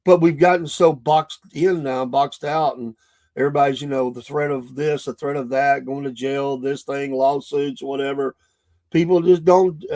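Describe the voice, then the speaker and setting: Middle-aged southern guy rambling on a podcast, kinda high voice, lots of "you know". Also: darkish tone. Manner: rambling storytelling, many restarts and fillers. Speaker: podcast host. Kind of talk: casual monologue.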